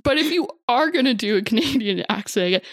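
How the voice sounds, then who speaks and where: A woman's voice: fairly high pitch, animated, a little fast, dry recording, studio quality. A woman co-hosting a podcast, rambling in a self-deprecating way with many restarts. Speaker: podcast co-host. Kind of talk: casual podcast chat.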